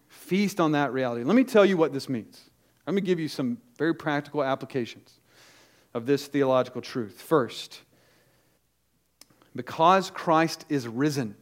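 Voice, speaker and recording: With a mid-range voice, this pastor addresses his congregation urgently and emphatically, punching key words and dropping into rapid asides.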